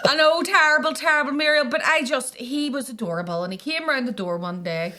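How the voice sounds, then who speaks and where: A young woman with a Northern Irish accent, hosting a podcast and telling stories in animated casual chat. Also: sits high, fairly quick. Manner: animated storytelling, laughs often. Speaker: podcast host.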